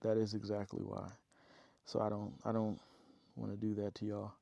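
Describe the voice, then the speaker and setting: A man's voice: lowish voice, monotone, moderate pace, creaky, mellow, no room sound, highs cut off. A man vlogging from his off-grid homestead, rambling casually to his viewers and worn out from digging. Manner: rambling, talkative, addresses viewers as y'all. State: tired after digging.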